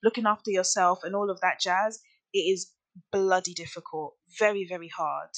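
A woman chatting casually as a podcast co-host, animated and quick to laugh. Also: on the low side, dry recording. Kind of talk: casual chat.

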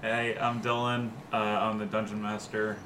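A man's voice: lowish voice, level tone, moderate pace, fairly bright tone, reverberant. A man hosting a tabletop game as Dungeon Master, joking and laughing often.

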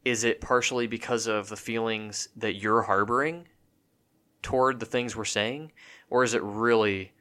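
A man with a fairly low voice co-hosts a casual podcast. He rambles through his points, restarting sentences and leaning on fillers as he goes. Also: moderate pace, sharp tone, clean tone. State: has the hiccups. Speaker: podcast co-host.

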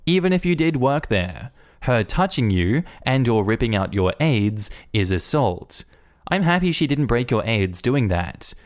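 Man reading stories in a middle-pitched voice. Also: big pitch swings, unhurried. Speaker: story narrator. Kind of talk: reading online stories aloud.

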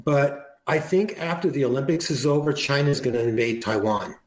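A man's voice: medium pitch, moderate pace, echoey room, rough recording. A man chatting on a talk show in a rambling, conversational way, often restarting his sentences.

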